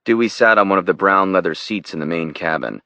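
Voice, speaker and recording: Male audiobook narrator, very low voice, steady and measured; dry, dull recording. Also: no room sound. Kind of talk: scripted thriller narration.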